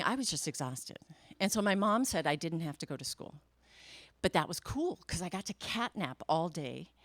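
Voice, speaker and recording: A woman's voice: fairly low pitch, dry recording. A woman storyteller and emcee telling a playful tall tale to a live audience, breaking into sound effects as she goes.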